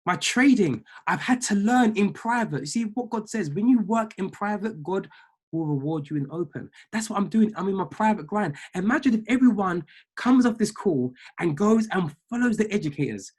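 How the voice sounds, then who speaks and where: A man's voice: high voice, expressive, moderate pace, breathy edge. A man, a trading mentor giving a fired-up motivational talk on a group call, repeating phrases like a preacher.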